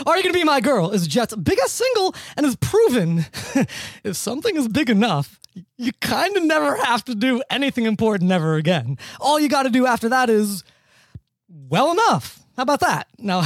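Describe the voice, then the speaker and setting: A man's voice: extremely high pitch, sing-song, normal speed, no echo, studio quality. A man hosting a podcast in casual, jokey banter, often breaking into laughter. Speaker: podcast host. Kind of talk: casual comedic music-critique chat.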